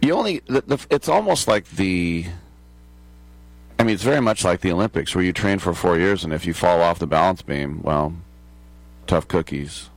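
A man's voice: low voice, animated, normal speed, no echo. An American man in his sixties hosting a sports talk radio show, rambling and joking through digressions. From United States.

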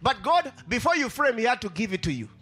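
A man preaching a sermon with impassioned, sing-song delivery, repeating his phrases and rising to shouts. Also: very high-pitched, sing-song, quick pace, breathy edge, soft background music.

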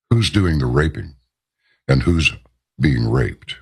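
A man hosting a talk radio show in an emphatic monologue, leaning hard on the words he stresses. His voice sits very low, with a gravelly fry and a husky, raspy edge. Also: expressive, a little slow. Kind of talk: on-air opinion monologue.

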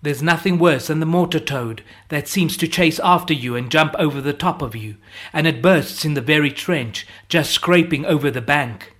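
A man's voice: on the high side, moderate pace, a bit bright. A man reading an audiobook voices a chatty soldier who tells trench yarns in folksy talk with dropped words. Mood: yarning.

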